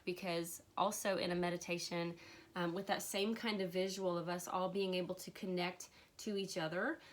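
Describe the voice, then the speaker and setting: Woman, has a cold, earnest, emotional, soft laughs, mid-pitched voice, livestream talk. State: has a cold, occasional cough. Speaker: spiritual livestream host. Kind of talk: casual spiritual livestream talk. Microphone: livestream camera mic.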